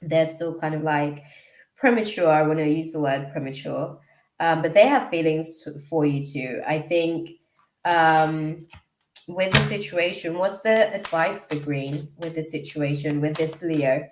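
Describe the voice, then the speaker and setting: Slow-talking lady doing tarot live, kinda low voice, chatty, gets sidetracked by chat, echoey room. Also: background noise. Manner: chatty, emotional, reads out chat names and drifts off topic. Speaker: tarot reader. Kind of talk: live-stream tarot reading.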